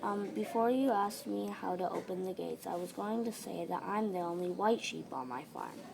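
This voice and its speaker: Woman reading a calm, clever young sheep. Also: fairly low pitch, normal speed, creaky, crowd noise. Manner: calm and plain.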